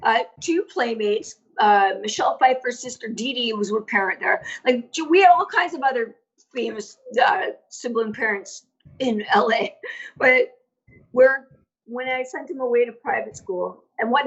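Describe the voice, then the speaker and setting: Chatty woman with a husky voice. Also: a little high, normal speed. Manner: chatty, storytelling with many fillers. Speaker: podcast guest. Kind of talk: casual interview chat. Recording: dull lo-fi audio.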